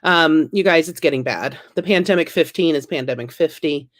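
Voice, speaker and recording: A woman's voice: low voice, moderate pace. A woman in her thirties doing a stand-up comedy set, wry and self-deprecating, with punchy delivery.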